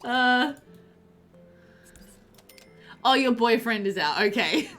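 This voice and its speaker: A woman's voice: fairly high pitch, animated, moderate pace, a bit bright, soft background music. A woman game streamer chatting casually with her live chat while playing, giggly and talkative.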